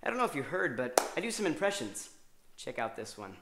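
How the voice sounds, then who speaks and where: A young man doing a stand-up comedy routine, telling a story in halting, rambling sentences full of restarts. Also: medium pitch, sing-song, reverberant, heavy background noise.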